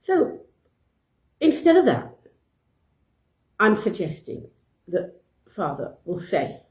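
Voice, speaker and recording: A parenting speaker with a lowish, darkish, very animated voice offers informal advice off the cuff, speaking unhurriedly with long pauses. She uses lots of fillers and restarts and acts out brief exchanges between parent and child. The audio is poor, with a roomy sound.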